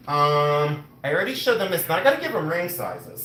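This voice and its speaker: A middle-aged man hosting a live jewelry sale stream, talking in quick exclamations as he shows each piece. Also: a little high, animated, fairly bright tone, soft background music. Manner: exclamatory, enthusiastic show-and-tell.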